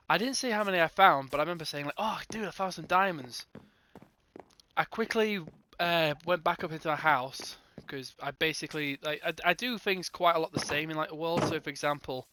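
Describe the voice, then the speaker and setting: A man's voice: a little high, pushed and bright, clean tone. A young man casually telling a rambling gaming storytime, acting out both sides of the conversation. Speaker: gaming channel host.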